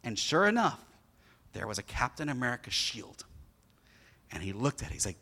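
A man's voice: medium pitch, moderate pace. A man preaching a sermon, telling a story about his son and acting out the boy's lines with energy. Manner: animated storyteller who acts out his son's lines. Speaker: pastor.

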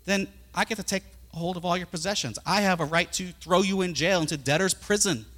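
A man voicing a harsh, unforgiving man who loudly insists on being repaid, in a high, bright voice in a reverberant hall. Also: brisk. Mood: indignant. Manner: indignant, loud, legalistic.

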